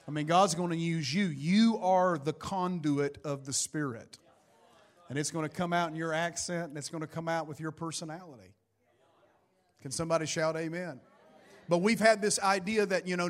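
A man's voice: on the high side, fairly even intonation, normal speed. A middle-aged man preaching a Pentecostal sermon in church into a microphone, building emphasis and calling for amens. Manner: preaching with rising emphasis and call-outs. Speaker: pastor.

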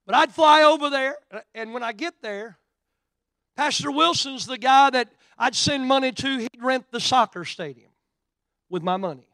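Preaching with an Oklahoma accent, this middle-aged man from that state weaves a story into his sermon, moving between hushed asides and loud, forceful declarations. He speaks at a normal speed in a very high-pitched voice, recorded without echo.

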